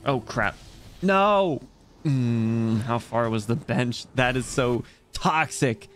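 A man giving excitable, exclamatory live commentary as he plays a game and chats with his viewers. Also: mid-range voice, measured pace, faint music behind. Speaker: streamer.

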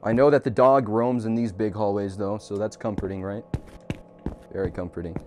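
A man's voice: on the low side, fairly even intonation, normal speed, over loud music. A man giving jokey, profane commentary while playing a horror game, nervous and talking to himself. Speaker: gamer.

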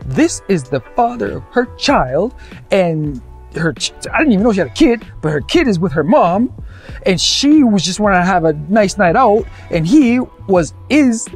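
Animated male storyteller from Canada. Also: high voice, moderate pace, slightly rough, soft background music. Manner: animated, acts out the people in his stories. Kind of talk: comic storytelling monologue.

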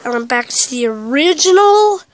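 A woman's voice: high-pitched, animated, moderate pace, slight background noise. A woman chatting casually in a vlog, rambling and talking with a stuffy, congested nose from a cold. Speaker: vlogger.

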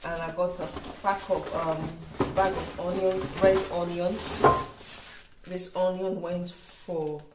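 A woman talking casually through a grocery haul for her vlog, unhurried and thinking aloud with frequent ums and restarts. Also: lowish voice, level tone, very noisy. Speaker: vlogger. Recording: echoey room, voice a bit far from mic.

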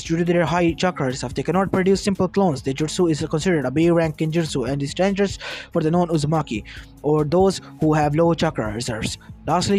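A man's voice: a little high, a little mellow. A man reading a fan fiction story aloud, with small stumbles and restarts. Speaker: narrator. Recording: music under the voice. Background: lofi background music.

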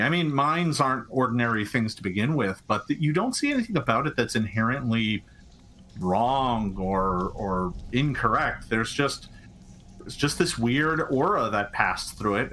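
A man's voice: mid-range voice, bright, forceful tone. A man narrating as game master of a tabletop game, rambling with many fillers and restarts.

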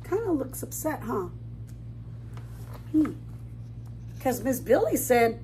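A woman reads a storybook to preschoolers in a high, sing-song voice that swoops widely between notes. She takes her time and pauses to ask the children questions. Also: sing-song, mellow, slight background noise. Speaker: preschool teacher. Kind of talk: storybook read-aloud for children.

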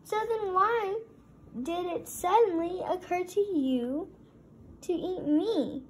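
A woman's voice: a little high, takes it slowly, mellow, slight background noise. A woman voicing a small, proud male donut who is polite, dramatic and easily alarmed.

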